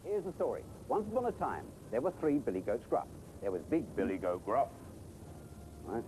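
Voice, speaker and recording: Male kids' TV presenter, playful storyteller, very lively melody, mellow tone. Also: medium pitch, moderate pace, slight background noise, poor audio. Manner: playful sing-song. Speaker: children's TV presenter. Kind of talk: children's TV songs and storytelling. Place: outdoors by a pond.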